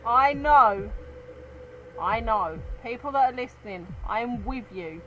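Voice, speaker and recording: Woman, British accent, co-host, casual chat, blunt, emphatic, swears, fairly high voice. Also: lively intonation, measured pace, bright, forceful tone, dull audio, faint music behind.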